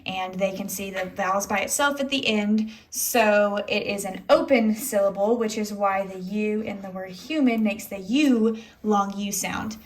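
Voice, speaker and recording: A woman's voice: medium pitch, measured pace, few pauses. A young woman teacher, chatting casually about her school day with lots of "like" and "anyways.". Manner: chatty, rambling, many "like"s and "anyways". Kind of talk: casual day-in-the-life vlog talk.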